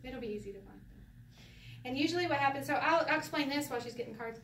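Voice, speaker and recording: A woman's voice: sits high, fast, a bit bright. Playful woman teaching, heard from afar. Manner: playful, laughs often, sing-song when demonstrating. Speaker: Hebrew teacher. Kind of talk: casual classroom teaching. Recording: roomy, from a distance, faint background noise.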